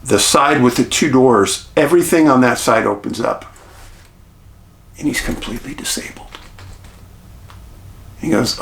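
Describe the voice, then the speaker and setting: A man's voice: medium pitch, normal speed, creaky, pauses often, slight background noise. Chatty man telling a story. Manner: chatty, animated retelling with quoted dialogue. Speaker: host. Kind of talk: casual storytelling to camera. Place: rural home outdoors.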